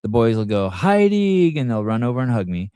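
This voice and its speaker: A man's voice: fairly low pitch, steady tone, quick pace, mellow, clean tone, no room sound, clean studio sound. Profane rambling podcast host man. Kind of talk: casual live podcast chat.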